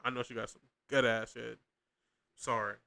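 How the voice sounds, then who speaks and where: Young dude rambling over clips, lots of slang and cussing, super bright clear voice. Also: male voice, mid-range voice, level tone, normal speed. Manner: slangy, profane, rambling with frequent restarts. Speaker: podcast host reacting to clips. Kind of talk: casual reaction commentary.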